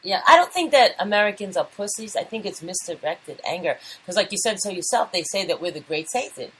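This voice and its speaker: A woman's voice: mid-range voice, lively intonation, fairly quick, fairly bright tone, slightly rough, rough recording. A woman co-hosting a casual talk show, teasing and playful in her banter. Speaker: show co-host.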